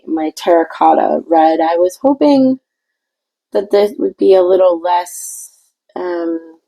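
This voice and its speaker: A woman with a low, gravelly voice walks through a craft tutorial while she paints. Her tone is dark and mellow with a husky edge. She talks in a chatty, meandering way and restarts her sentences often. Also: rough recording.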